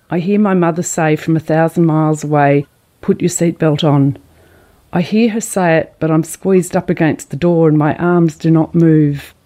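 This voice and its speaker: A middle-aged woman reads her own memoir aloud. Her voice sits low and mellow, and she tells the story in a measured, intimate way. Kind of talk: spoken memoir reading.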